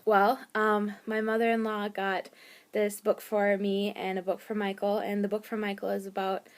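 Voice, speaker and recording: A woman's voice: mid-range voice, flat delivery, moderate pace. A young woman telling a personal story in a casual vlog, chatty and full of "um" and "like". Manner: chatty, lots of fillers and "like". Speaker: vlogger.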